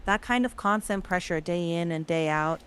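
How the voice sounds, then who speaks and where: A woman interviewing a guest, calm and measured, offering brief affirmations and reflective questions. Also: fairly low pitch, clear, resonant tone.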